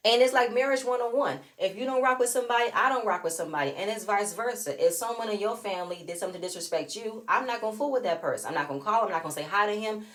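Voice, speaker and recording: Sassy, animated woman recapping reality TV. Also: a little high. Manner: animated, sassy, reenacts quotes in shifting voices. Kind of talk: casual recap commentary.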